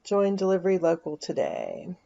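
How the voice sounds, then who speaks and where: Gravelly-voiced woman thinking aloud. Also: on the low side, wildly swooping pitch, moderate pace, warm tone, highs cut off. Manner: chatty, thinking aloud, dry asides. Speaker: vlogger. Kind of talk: casual screen-share walkthrough.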